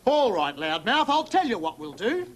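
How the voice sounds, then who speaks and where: An actor playing a calm, stubborn male horse-picker in a country pub, speaking with an Australian accent, laconic and firm. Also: high-pitched, moderate pace, full character voice. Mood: defiant. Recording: pub crowd chatter behind. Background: bar crowd murmur.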